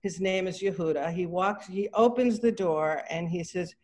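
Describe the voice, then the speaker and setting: A woman's voice: on the low side, moderate pace, darkish tone. A middle-aged woman, an artist, telling a casual story over a video call, chatty and full of fillers, acting out the dialogue. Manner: chatty, acts out quoted dialogue, many fillers and restarts. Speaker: artist giving a talk.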